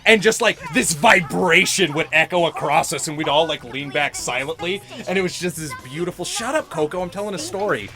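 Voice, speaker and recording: A man's voice: fairly high pitch, expressive, fairly quick, hardly any pauses. A middle-aged man chatting casually while playing a video game, telling rambling stories and laughing often. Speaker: gaming host. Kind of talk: casual let's-play chat.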